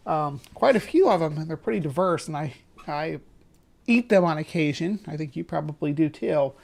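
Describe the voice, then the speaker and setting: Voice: mid-range voice, lively intonation, normal speed, vocal fry, darkish tone. A livestream host giving casual, rambling commentary on a video, stopping to correct and qualify points.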